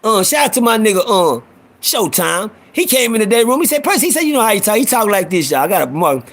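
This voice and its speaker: A man's voice: high voice, sing-song, quick pace, a bit bright. A man hosting a live stream, telling rowdy, profane stories and acting out the voices of people in them. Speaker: host. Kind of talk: storytelling on a live audio stream.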